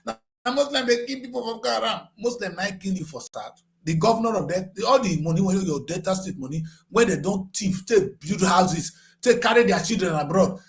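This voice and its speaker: A man in his sixties with a Nigerian English accent, giving impassioned political commentary that swings from grave and low to shouting. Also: lively intonation, brisk, few pauses. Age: 60s.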